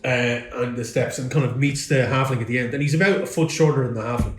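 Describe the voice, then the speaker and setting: A man's voice: mid-range voice, steady tone, fast talker. A man, narrating as game master in a rambling, descriptive way with many fillers. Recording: echoey room with faint music.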